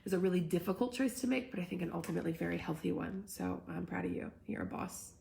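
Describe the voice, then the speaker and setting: Passionate woman with gravelly voice. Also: fairly low pitch, quick pace, mellow, slight background noise. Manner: passionate, emphatic, says "right?" and "like" often. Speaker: host of a live talk. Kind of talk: live-streamed casual talk, reading comments.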